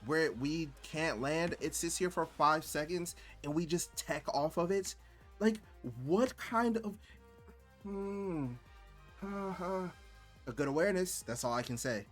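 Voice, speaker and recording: A man's voice: on the high side, normal speed, faint music behind. Rambling, exasperated male streamer. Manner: rambling, exasperated, lots of filler words. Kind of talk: casual stream commentary on gameplay.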